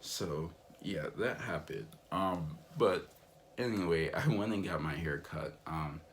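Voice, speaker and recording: A young American man talks slowly in a low voice, vlogging in a rambling, laid-back monologue full of fillers. There's slight background noise.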